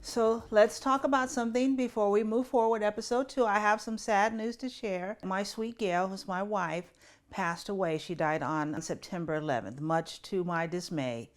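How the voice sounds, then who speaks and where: A woman's voice: mid-range voice, moderate pace. A woman pastor hosting a spiritual talk show, speaking earnestly and personally while holding back tears. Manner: earnest and personal, voice softening with grief. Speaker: pastor and podcast host.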